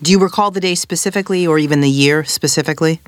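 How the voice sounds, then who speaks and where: An actor reading a prosecutor's questions to a witness in a courtroom reenactment, formal and measured. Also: male voice, a little high, no echo, close to an everyday voice.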